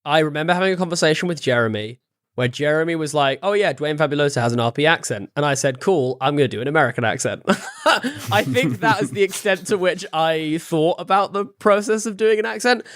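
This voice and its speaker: A man's voice: fairly high pitch, animated, brisk, fairly bright tone, no echo, clean studio sound. Playful laughing English man. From England. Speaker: podcast regular, player. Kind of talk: casual chat.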